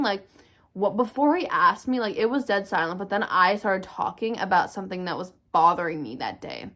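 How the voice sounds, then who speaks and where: A woman's voice: mid-range voice, moderate pace. A young woman telling a candid, swear-filled personal story in a casual storytime vlog, acting out what people said. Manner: candid, swears often, animated retelling. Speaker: vlogger.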